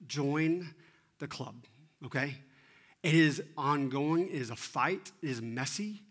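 A man in his thirties giving an animated, self-deprecating sermon and often asking the audience questions. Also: a little high, unhurried. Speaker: teaching pastor.

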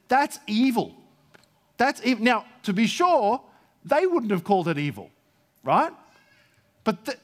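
Man preaching a conversational sermon. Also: fairly high pitch. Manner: conversational with asides, stammering restarts.

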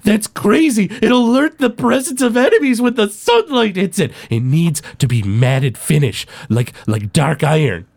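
A man's voice: medium pitch, a little slow, gravelly, few pauses, darkish tone, slightly rough, no echo. A man voicing a smug, scheming male wizard professor who sneers and trades insults, in a tabletop game. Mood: indignant.

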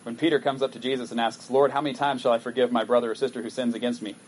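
A man's voice: mid-range voice, little pitch movement, rapid-fire, a little hiss or hum, rough recording. A male pastor giving a sermon in a conversational way, reading scripture aloud and breaking off to comment on it. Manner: conversational, reads scripture aloud with acted asides.

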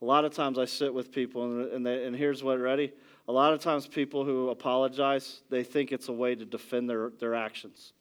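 Preaching man, loud then hushed. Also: medium pitch, flat delivery, brisk, clean tone. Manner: conversational preaching with frequent "ready?" check-ins; swings from loud emphasis to quiet, soft asides. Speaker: pastor. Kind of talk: sermon.

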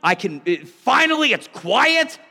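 A man voicing a smug ancient male god who is pleased after destroying everyone, loud and gloating. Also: extremely high pitch, very animated, a little slow, breathy edge, big-room sound, voice pushed up, heavily acted.

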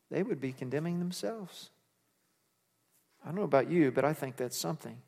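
A man preaching a sermon in a church, earnest and emphatic, building to strong peaks and then dropping quietly at the ends of phrases. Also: high-pitched. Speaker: pastor. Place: church sanctuary. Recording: hall reverb.

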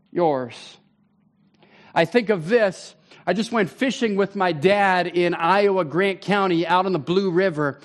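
A pastor in his thirties preaches a sermon with a conversational, animated delivery broken by sudden loud bursts, his voice sitting high.

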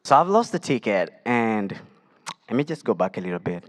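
A man from Africa standing before a church, sharing his testimony. He tells it with feeling, his voice lifting high in the joyful moments and sinking low in the hard ones. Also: big pitch swings, moderate pace, long reverb tail. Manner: emotional storytelling, voice rising and dropping with the story. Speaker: guest speaker sharing testimony.

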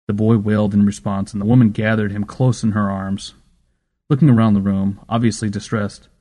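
Mellow male audiobook narrator. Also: fairly low pitch.

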